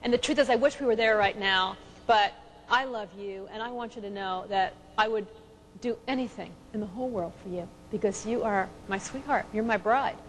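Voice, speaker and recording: A woman voicing a loving husband who speaks softly and earnestly to his wife. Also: mid-range voice, moderate pace, big-room sound, slight background noise, voice pushed down, close to an everyday voice, poor audio. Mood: tender. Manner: soft and earnest.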